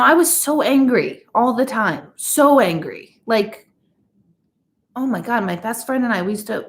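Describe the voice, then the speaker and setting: A woman in her forties who works as an intuitive reader chats candidly with her live audience during a casual livestream, swearing freely. Her voice is a little high and gravelly.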